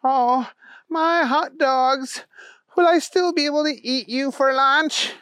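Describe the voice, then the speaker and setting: A man voicing an excitable, hot-dog-loving adult man who wails in a high, whiny squeal. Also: slow pace, no room sound, heavily acted. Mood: anguished.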